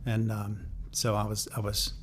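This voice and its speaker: A man's voice: on the low side, monotone, measured pace, a little hiss or hum. Rambling older man telling stories. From North Carolina, USA. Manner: rambling, many fillers and restarts, chuckles often. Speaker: guest songwriter and music publisher. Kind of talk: anecdotal storytelling in an interview.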